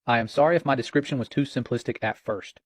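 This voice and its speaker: A man reading the lines of an AI chatbot he calls a demon, in a courteous, measured way. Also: medium pitch, breathy edge, dry recording, natural voice. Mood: polite. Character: polite soft-spoken AI chatbot seen as a demon.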